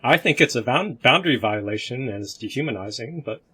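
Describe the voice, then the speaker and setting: A man hosting a casual group discussion on a video call, opinionated and animated. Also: mid-range voice, brisk, slightly rough. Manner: opinionated, animated, laughs between points.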